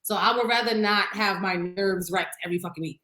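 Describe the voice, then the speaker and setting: A woman co-hosting a podcast, chatting casually in an animated, profane way and laughing often. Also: mid-range voice, fairly quick, reverberant, low-quality recording. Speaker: podcast co-host. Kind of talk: casual chat.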